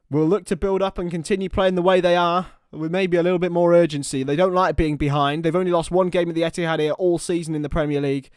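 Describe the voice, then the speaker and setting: Excitable high-voiced male football commentator. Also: no echo, clean studio sound. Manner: excitable partisan, shouts at goals. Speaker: watchalong commentator.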